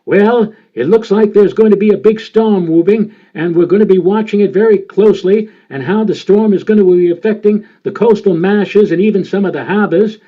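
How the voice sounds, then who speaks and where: A man's voice: high-pitched, normal speed, few pauses. A man doing an impression of an old-time New England TV weatherman with a Boston accent. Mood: folksy. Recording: dull lo-fi sound.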